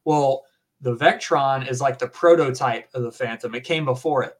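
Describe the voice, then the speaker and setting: A man's voice: medium pitch, normal speed. A man in his twenties with a Southern US accent, chatting casually and rambling with lots of fillers. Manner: rambling, filler-heavy, says dude and man. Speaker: podcast guest. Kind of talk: casual chat.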